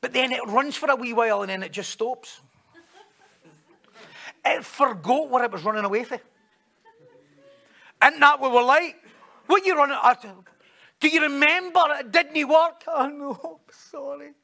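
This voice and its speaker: A man's voice: very high voice, moderate pace, vocal fry, pauses often, bright, forceful tone. A man with a Scottish accent preaching a sermon, telling stories, joking and acting out the voices of the people he quotes.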